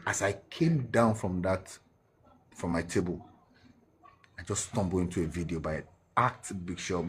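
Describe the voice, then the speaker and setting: A guest with a low, husky voice and a Nigerian accent tells his own story as an earnest personal testimony. He slips into Pidgin at times and often restarts his sentences.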